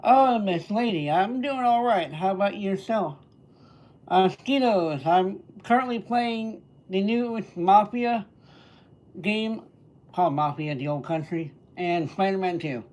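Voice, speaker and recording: A livestreamer and entertainer casually greets viewers by name and answers their comments and questions. His voice sits high and is a little mellow, expressive in delivery and unhurried in pace.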